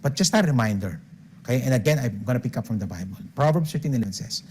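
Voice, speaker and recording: Fast-talking older Filipino man, emphatic. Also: mid-range voice, expressive, a little mellow, slight background noise. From Philippines. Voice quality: emphatic, punctuates points with "okay?". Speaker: financial speaker. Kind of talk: seminar talk mixing English and Tagalog.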